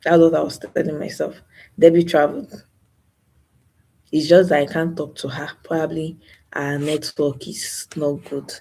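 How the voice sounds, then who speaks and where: A woman's voice: low voice, level tone, moderate pace, long pauses, mellow, slightly rough. A young woman hosting a live stream, talking about loss in a grieving way, sighing and repeating herself. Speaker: channel host. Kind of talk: emotional live stream talk.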